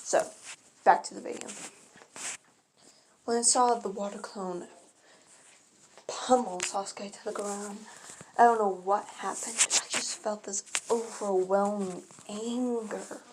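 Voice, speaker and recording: A woman reads her own first-person fan story in a slow, unhurried way. She keeps stumbling over words and correcting herself as she goes. Her pitch sits in an ordinary middle range, with a faint hiss of noise behind her. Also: steady tone. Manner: halting, often stumbles and corrects herself mid-sentence.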